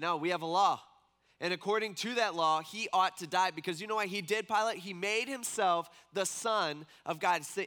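Bright-voiced man preaching casually. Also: a little high. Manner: casual, animated retelling with acted-out quotes. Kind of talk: storytelling sermon.

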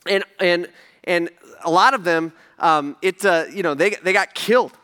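A man's voice: high voice, moderate pace, pushed and bright, clear, resonant tone. A man preaching a sermon in a conversational way, asking the audience questions and building to emphatic passages. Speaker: pastor.

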